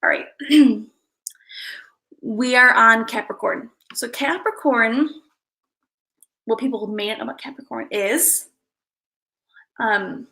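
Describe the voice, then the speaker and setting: A woman's voice: a little high, takes it slowly, pauses often, bright, forceful tone, low-quality recording. A woman hosting a casual livestream, chatting in a rambling way and greeting viewers by name. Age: adult parent. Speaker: livestream host.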